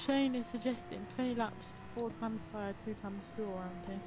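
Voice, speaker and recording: A woman's voice: fairly high pitch, normal speed, lo-fi sound, noisy background. A woman chatting casually on a racing stream, giggling between her lines. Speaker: co-commentator on a racing league stream.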